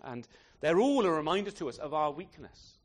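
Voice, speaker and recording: A man's voice: on the high side, very animated, normal speed. A man preaching a sermon in a conversational way, often tagging his points with questions to the listeners. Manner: conversational, rhetorical tag questions.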